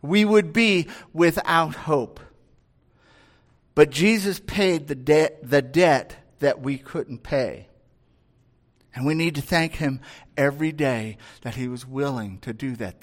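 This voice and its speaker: A man preaching a conversational sermon, acting out quoted voices and building to near-shouts. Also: mid-range voice, slow. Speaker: pastor.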